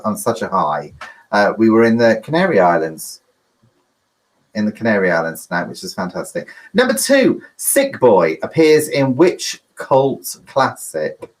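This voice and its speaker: A man's voice: low-pitched, rough recording. Male quiz host, rambling and chatty, easily flustered. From United Kingdom. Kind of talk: live-streamed pub quiz hosting.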